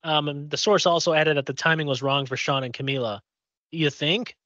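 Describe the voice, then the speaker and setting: A man's voice: a little high, fairly even intonation, fast, a bit bright, no room sound, dull audio. A man from Indiana co-hosting a podcast, chatting casually and telling a long story with many fillers and restarts. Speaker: podcast co-host. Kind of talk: casual chat.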